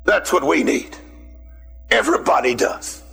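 A man's voice: a little high, very animated, unhurried, creaky, pushed and bright, slightly rough, soft background music. A man preaching a sermon, telling a personal story and calling out emphatically to his listeners.

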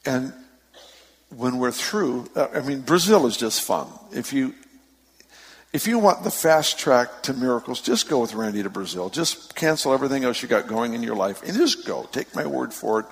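A gravelly-voiced man preaches in a storytelling way, building to excited emphasis and laughing easily. His voice rings out with a long hall reverb. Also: medium pitch, normal speed. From San Francisco Bay Area. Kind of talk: sermon.

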